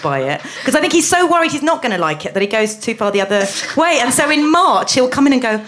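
A woman's voice: high-pitched, big pitch swings, quick pace, a bit bright. A woman on a comedy panel, telling wry stories and laughing through them.

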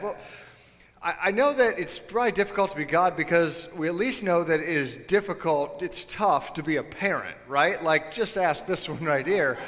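Conversational pastor with a high voice. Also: male voice, moderate pace, big-room sound. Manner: conversational, animated, jokey asides to the congregation. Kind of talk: sermon. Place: church sanctuary.

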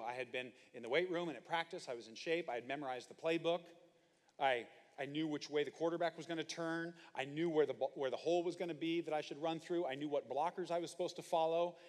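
Preacher guy, kinda high voice, jokey animated storytelling, big echoey hall sound. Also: quick pace. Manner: animated storytelling with comic asides. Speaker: pastor. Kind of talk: sermon. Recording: hall reverb.

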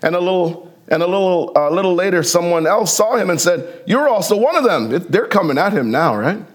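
Guy preaching a sermon, chatty and animated, acts out the bible scenes, voice a bit on the high side. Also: a little fast. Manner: conversational, uses slang and fillers. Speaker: pastor.

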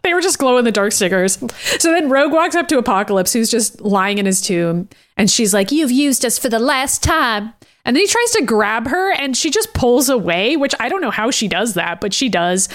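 A giggly woman with a fairly high voice chats through a cartoon recap, animated and loose, swearing casually as she goes. Her delivery is relaxed podcast banter. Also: brisk, few pauses. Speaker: podcast co-host.

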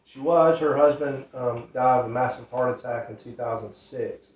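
A man's voice: medium pitch, normal speed, a little mellow, slight background noise. A man telling a ministry testimony in an earnest, repetitive, casual way. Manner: earnest, repetitive, loose grammar. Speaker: ministry storyteller. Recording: roomy, distant, dull sound.

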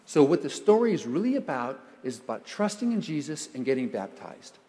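A pastor delivers his sermon in a lively, playful way, acting out voices and tossing in sound effects. His voice sits a little high for a man. The long reverb of the sanctuary hangs after each phrase. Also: brisk, breathy edge. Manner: animated, playful preaching with sound effects and acted quotes. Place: church sanctuary.

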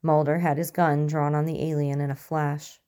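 A woman narrating a story in an even, measured way. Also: deep voice.

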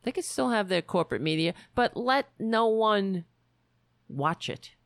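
A woman with a raspy voice hosting a political commentary show, emphatic and repetitive, often restarting her sentences. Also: mid-range voice, expressive, a little slow, no room sound, studio quality. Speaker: show host. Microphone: home computer setup.

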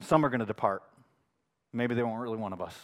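A man preaching as pastor, telling a story in a lively way and building up to loud, excited bursts. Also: medium pitch, fast. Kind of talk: sermon. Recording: hall reverb.

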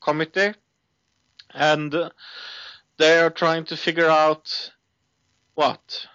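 A man's voice: fairly high pitch, level tone, takes it slowly, sharp tone, clear, resonant tone, no echo. A man co-hosting a casual podcast, recapping a TV episode with lots of hesitant fillers. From Norway. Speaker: podcast co-host. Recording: dull lo-fi close mic.

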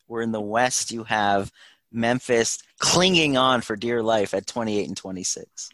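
A low-voiced man chatting about sports on a podcast, recorded close and dry with no room sound. He talks in a relaxed, casual way, sprinkling "like" through his sentences. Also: measured pace, no room sound. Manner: laid-back, lots of "like" fillers. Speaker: podcast co-host.

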